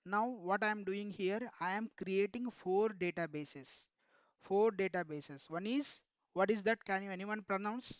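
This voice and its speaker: A man leads an online technical class, pausing often to ask the students questions and calling them sir. His voice sits high and comes across smooth and resonant. The sound is dry and muffled. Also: dry recording. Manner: repeatedly quizzes students, addresses them as sir. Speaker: instructor.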